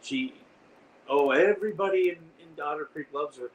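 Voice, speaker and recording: A man's voice: fairly high pitch, moderate pace, recorded from a distance, poor audio. Livestream host, male, rambling chatty delivery, set back from the mic with faint noise behind him. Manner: rambling, reads and answers viewer comments. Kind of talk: casual livestream chat.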